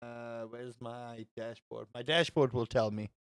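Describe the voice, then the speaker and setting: A man's voice: mid-range voice, fairly even intonation, unhurried, clear, resonant tone, dry recording. A South African man chatting casually while live-streaming a game, ranting with playful exaggeration and greeting viewers.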